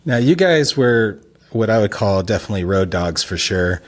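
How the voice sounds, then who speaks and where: A man's voice: fairly low pitch, animated, normal speed. A man hosting a podcast interview, asking questions in a hesitant way with many restarts. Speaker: podcast host. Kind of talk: conversational interview.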